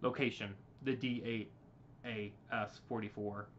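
A man's voice: on the low side, steady tone, measured pace, fairly bright tone. A man narrating a homemade story, reading with stumbles and restarts on a dull lo-fi recording.

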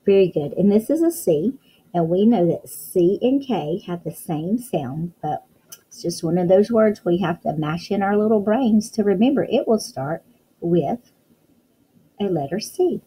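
A woman teaching a phonics lesson to young children, talking in a slow, sing-song, encouraging way and praising often. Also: mid-range voice, expressive, dark tone, husky, low-quality recording. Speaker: kindergarten teacher.

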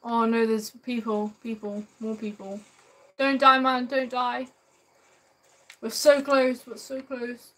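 A woman live-streaming a game, chatting warmly and excitably with her viewers and drawling a repeated sing-song catchphrase. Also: fairly high pitch, slow. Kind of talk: live gameplay commentary.

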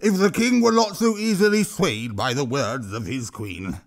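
A man reads an audiobook, voicing an arrogant male troll who hurls insults in a wet, slurping, smug and scornful delivery. His own voice is mid-range and natural, at a normal speed.

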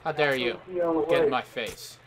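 This gameplay commentator speaks at a measured pace with a medium-pitched voice while a loud crowd roars. Calling an online shooter match live, he flings over-the-top, fake-indignant insults at the other players.

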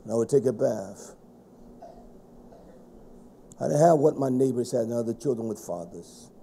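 A middle-aged man preaching a stern, scolding sermon to a congregation, rising to shouts at times. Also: medium pitch, normal speed, creaky, a little hiss or hum.

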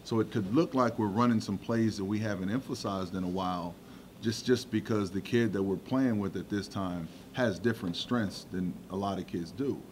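A man's voice: lowish voice, normal speed, a little hiss or hum. A middle-aged man, a football coordinator, answering reporters plainly, with many fillers. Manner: relaxed, plainspoken, with frequent fillers. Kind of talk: press conference answers. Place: press conference room.

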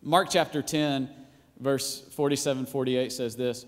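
A man's voice: medium pitch, fairly even intonation, measured pace. Playful male pastor preaching in a reverberant hall. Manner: conversational, playful preaching with acted-out quotes and shouts. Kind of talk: sermon. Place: church auditorium.

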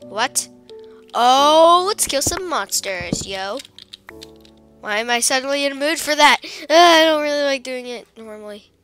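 A woman giving casual, excitable commentary on her gameplay, full of exclamations and fillers. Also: high-pitched, measured pace. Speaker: gameplay video creator. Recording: loud background music.

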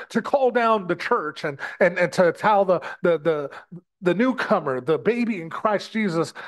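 Impassioned preacher man, lively pitch. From United States. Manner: impassioned, repeats words, addresses brothers and sisters. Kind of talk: sermon.

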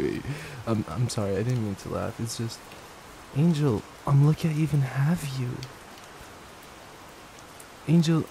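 A young man in a whispered role-play as a boyfriend, gentle, affectionate and reassuring, speaking into a desk microphone at home. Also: fairly high pitch, a little hiss or hum, rough recording. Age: young adult. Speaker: ASMR creator. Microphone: desk microphone at a gaming setup.

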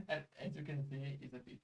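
A man's voice: on the high side, a little mellow, far from the mic, muffled recording. A man with an Italian accent, a friend of the host, joking and stammering through casual chat in English.

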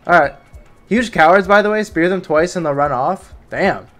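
A man's voice: sits high, moderate pace, soft background music. A young man streaming a game live, commenting casually, reading chat and yelping when things go wrong. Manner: excitable, talks to the game creatures, yelps when startled.

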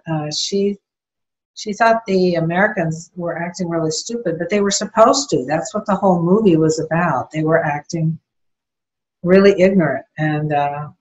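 An older woman talks in a loose, rambling way, retelling stories with small laughs between thoughts. Her voice sits a little low for a woman. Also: poor audio. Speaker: interview guest. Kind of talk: casual conversation.

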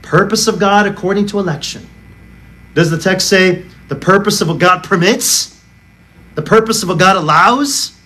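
A man's voice: high voice, normal speed, pushed and bright. A male pastor preaching a sermon, arguing emphatically and firing off rhetorical questions. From United States.

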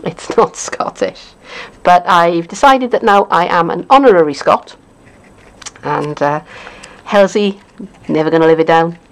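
A woman's voice: fairly low pitch, a little slow, rough recording. A middle-aged woman with a Welsh accent, chatting casually as a craft demonstrator, rambling along with lots of fillers and little chuckles. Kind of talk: casual unboxing chat.

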